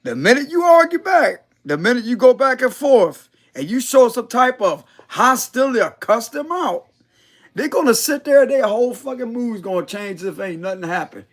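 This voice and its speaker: Lively high-voiced man doing a slangy tarot reading. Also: moderate pace. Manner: blunt, slangy and profane, laughing often. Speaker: tarot reader. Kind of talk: casual tarot reading monologue.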